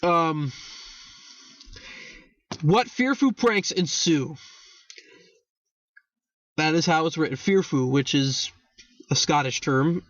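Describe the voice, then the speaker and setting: A man's voice: on the high side, fairly bright tone, no echo, dull audio. A young man hosting a casual history talk, rambling, correcting himself and swearing for emphasis. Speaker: host.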